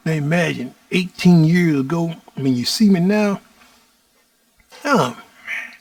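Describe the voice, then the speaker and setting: A middle-aged man from Houston, Texas, telling his own story as host in a slow preaching cadence that keeps addressing the listeners as "y'all". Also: fairly high pitch, darkish tone, no echo. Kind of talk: personal storytelling monologue.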